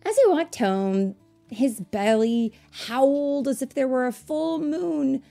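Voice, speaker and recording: A woman reading a picture book aloud to children, pausing to ask them questions and explain things. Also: sits high, expressive, gravelly, faint music behind. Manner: asks listeners questions, warm explanatory asides.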